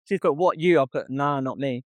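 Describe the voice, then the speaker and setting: With a voice on the high side and a normal speaking speed, a young co-host chats casually on a podcast in a dry recording. He swears frequently and builds his story by reading text messages out loud.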